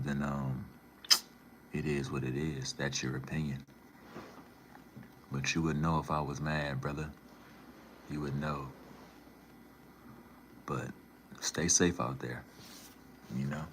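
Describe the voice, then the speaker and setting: Man, very deep voice, slangy laid-back livestream chat, faint background noise. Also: flat delivery, unhurried, pauses often, a bit bright. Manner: laid-back slangy talk, calls viewers man and bro. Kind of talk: casual live-stream chat.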